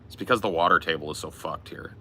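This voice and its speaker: A man's voice: a bass voice, quick pace, sharp tone, a little hiss or hum. A young man live-streaming outdoors, chatting loosely with his chat in a rambling, offhand way. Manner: loose, rambling, sprinkled with laughs and filler. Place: outdoors in hot weather.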